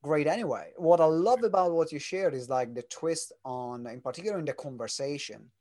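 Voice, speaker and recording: A man's voice: a little high, brisk, warm tone. A man hosting a podcast, speaking hesitantly with many fillers. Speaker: podcast host. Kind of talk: podcast interview.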